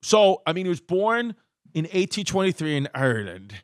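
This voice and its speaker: A man's voice: sits high, big pitch swings, normal speed, no echo, studio quality. A man hosting a podcast in casual chat, rambling through a story in a playful way. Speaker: podcast host.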